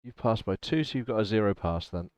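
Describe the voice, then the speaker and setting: A man's voice: on the low side, lively intonation, a little fast, a little mellow, dry recording. A man running a tabletop game as game master, thinking aloud and laughing often as he checks the rules.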